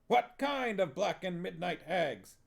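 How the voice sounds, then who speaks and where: A stubby, theatrical dwarf drills his actors like soldiers, as a man voices him. He barks his lines high and slowly, dragging out every word. A gravelly rasp and a faintly distant sound hang on each command. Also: sing-song, heavily acted. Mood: drilling. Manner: barking, drill-sergeant orders. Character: bossy theatrical dwarf director.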